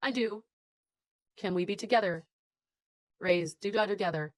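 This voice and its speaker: A man's voice: sits high, normal speed, dry recording, clean studio sound, lightly acted. A man playing an earnest, devoted young father. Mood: tender. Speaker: wealthy father courting a woman. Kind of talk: dubbed drama dialogue.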